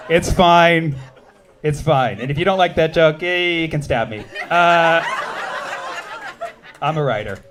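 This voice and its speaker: A man in his thirties, from the United States, doing a stand-up comedy set with quick, animated crowd work on a club stage. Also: a little high, background noise.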